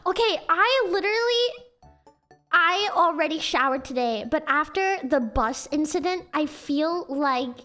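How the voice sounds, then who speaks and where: A woman's voice: sits high, bright, forceful tone. A woman with an American accent chatting casually on a livestream, giggly and rambling with lots of "like" fillers.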